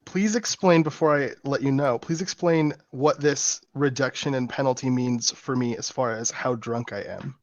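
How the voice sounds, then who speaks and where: A man's voice: medium pitch, normal speed, hardly any pauses, no echo, muffled recording. A man playing a tabletop game, talking in a rambling, jokey way. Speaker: player. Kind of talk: casual tabletop play.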